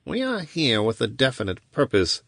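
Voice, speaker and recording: A man's voice: medium pitch, huge pitch swings, moderate pace, gravelly, a bit bright, dry recording, voice pushed up, full character voice. A man reading an audiobook, voicing a cold, scheming male wizard who speaks dryly and bleakly in a raised voice. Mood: persuasive. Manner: dry and clipped.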